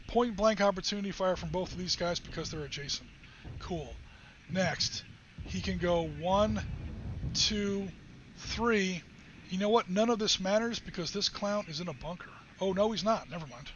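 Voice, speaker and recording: Brief: man, high-pitched, chatty host walking players through rules; dull audio with faint hiss. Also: fairly bright tone. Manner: chatty, joking, quick rule explanations. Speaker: wargame stream host. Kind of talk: casual chat while explaining game rules.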